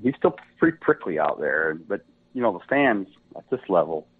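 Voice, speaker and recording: A middle-aged man, a golf pro guest, telling casual stories with a relaxed, laughing manner. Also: sits low, moderate pace, slightly rough. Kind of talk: casual storytelling. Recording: tinny phone-like line.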